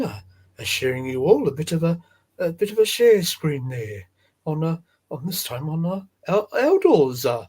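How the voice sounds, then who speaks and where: Husky, gentle man hosting a casual stream. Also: mid-range voice. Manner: halting, many fillers and repeats, gentle folksy tone. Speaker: live stream host. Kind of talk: casual chat about toy card art.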